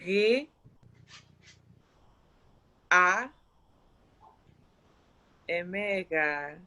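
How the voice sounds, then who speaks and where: Student, spelling aloud, very slow, hesitant, video call. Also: medium pitch, lively intonation, bright, forceful tone. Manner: hesitant, spells slowly letter by letter.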